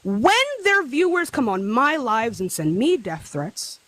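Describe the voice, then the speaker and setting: High voiced woman ranting on a live, pitch all over the place, dead dry mic. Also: very animated, measured pace, dry recording, poor audio. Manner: impassioned, escalating into shouting. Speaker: panel guest. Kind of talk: heated livestream panel argument.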